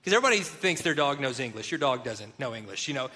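Bright, earnest man talking marriage and faith. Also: mid-range voice, fast. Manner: earnest, animated storytelling with acted-out quotes. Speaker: co-host of a marriage show. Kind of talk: faith-based marriage talk.

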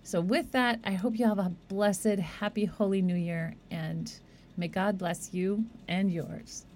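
A woman's voice: medium pitch, steady tone, unhurried, a little mellow, a little hiss or hum. A middle-aged woman hosting a radio show, talking in a chatty, rambling way and laughing often. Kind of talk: casual monologue.

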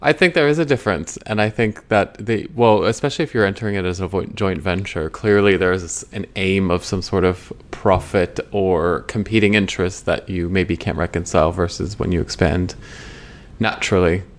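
A man's voice: low voice, normal speed. A man co-hosting a casual legal podcast, reasoning through an answer step by step. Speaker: podcast co-host.

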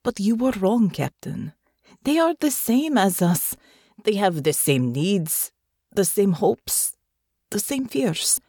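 An earnest young woman soldier, voiced by a female audiobook narrator, speaking softly and formally with quiet resolve. Her voice sits low for a woman, and the recording is dry and close. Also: sing-song, measured pace, dry recording. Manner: soft, sincere, formal phrasing. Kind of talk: audiobook character voice.

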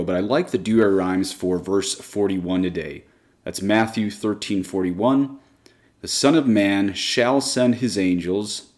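A man teaching a Catholic Bible study, explaining word meanings with enthusiasm and slowing down to spell out Greek terms. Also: low-pitched, darkish tone.

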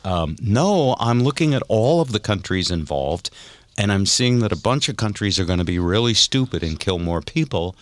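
A man's voice: fairly low pitch, very animated, moderate pace, no room sound. A man hosting a casual podcast, telling stories animatedly and laughing often. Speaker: podcast host. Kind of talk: casual chat.

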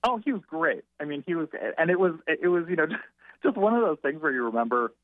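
A man who is a writer and interview guest, telling an anecdote in a rambling, halting way with frequent restarts. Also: a little high, lively intonation, no echo. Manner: halting, self-correcting. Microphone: telephone. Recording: tinny phone line.

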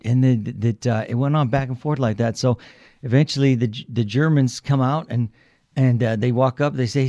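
Male radio co-host, mellow dark voice, rambling storyteller, dry studio sound. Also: mid-range voice, moderate pace, no room sound, lo-fi sound. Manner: rambling storyteller with many restarts. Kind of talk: casual radio talk.

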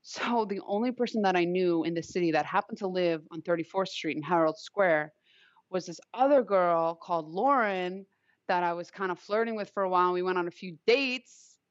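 A woman's voice: lowish voice, normal speed, dry recording. Chatty young woman, dull dry recording. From Long Island, New York. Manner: chatty, heavy use of "like" fillers. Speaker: storyteller. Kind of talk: casual personal storytelling.

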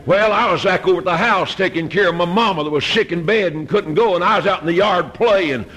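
A middle-aged man preaching a fiery storytelling sermon, moving from hushed tales to shouted exhortation. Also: high-pitched, fairly quick.

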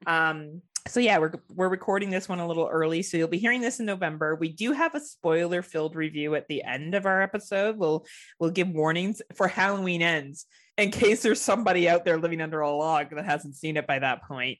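A woman's voice: on the low side, brisk, fairly bright tone. A woman from Ontario, Canada hosting a horror podcast, chatting casually, laughing often and swearing freely. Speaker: podcast host. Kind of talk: casual chat.

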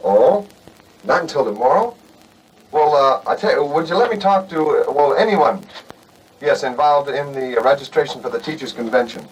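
A man's voice: mid-range voice, expressive, normal speed, breathy edge. An actor playing a young northern man who fakes a Southern accent on a phone call, stammering and polite, in a 1960s film. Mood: nervous, insistent. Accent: put-on American Southern. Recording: distant 1960s film soundtrack, faint hiss.

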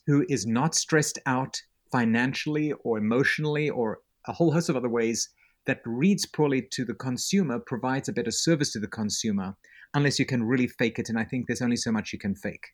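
A man's voice: medium pitch, brisk. A man with a South African accent, a real estate agent answering interview questions in an earnest, reflective way.

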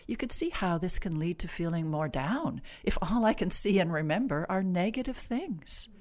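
A woman clinician, a guest on the podcast, explaining stress and sleep in a measured, reassuring, gently instructive way. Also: fairly low pitch, expressive. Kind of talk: calm explanatory interview talk.

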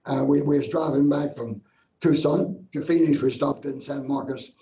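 In a roomy, dull lo-fi recording, an older man who is a guest minister recounts his personal testimony. His voice is a little high, mellow and steady, moving at a moderate pace with an earnest, repetitive preacher's rhythm.

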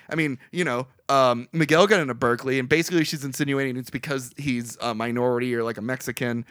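A man's voice: medium pitch, fairly even intonation, quick pace, hardly any pauses, a bit bright, no room sound, studio quality. A young man casually recapping a film's plot on a podcast, rambling and swearing, laughing often. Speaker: podcast co-host. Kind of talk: casual movie recap chat.

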